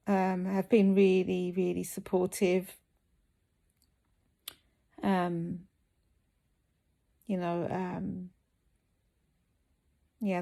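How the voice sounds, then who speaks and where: Woman, tired, vlog to camera, gravelly fry, hesitant with fillers and restarts. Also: mid-range voice, darkish tone. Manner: hesitant, many ums and restarts. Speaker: fitness vlogger recovering from surgery. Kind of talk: candid talking-to-camera vlog.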